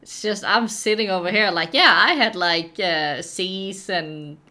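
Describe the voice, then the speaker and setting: A woman's voice: mid-range voice, bright, forceful tone. Giggly Norwegian woman hosting a stream. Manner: giggly, playful, halting with fillers. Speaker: stream host. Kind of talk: casual chat.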